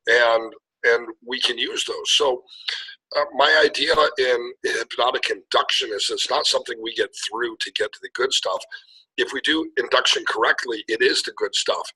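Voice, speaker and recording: A man's voice: medium pitch, steady tone, moderate pace, sharp tone, breathy edge, low-quality recording. A middle-aged man, a hypnotherapist talking fluently in a casual interview, with some restarts. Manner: fluent storyteller with frequent restarts. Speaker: guest hypnotherapist.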